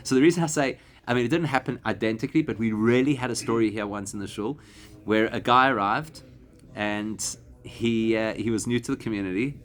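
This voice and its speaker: Rabbi teaching a Talmud class. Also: male voice, mid-range voice. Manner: explanatory, slows to spell out Hebrew and Aramaic words. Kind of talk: classroom lesson to a live group.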